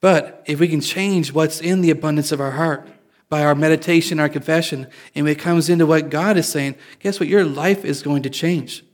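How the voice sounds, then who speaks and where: A man's voice: a little high, steady tone, moderate pace. A man preaching a sermon in a casual, confessional way, joking with his listeners. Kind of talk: conversational sermon.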